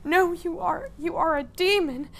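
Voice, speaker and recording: A frightened young tavern keeper cries out in a high, shrill voice, as a woman puts her on while retelling a live-action game. She sounds strained and loud, with faint background noise. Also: unhurried, gravelly, heavily acted. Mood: accusing, terrified.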